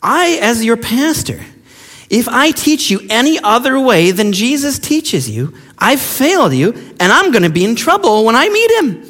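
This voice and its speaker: High-voiced pastor man preaching, super animated, mocks people he quotes, big echoey hall. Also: moderate pace. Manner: emphatic, mocking quoted voices. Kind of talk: sermon. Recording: long hall reverb.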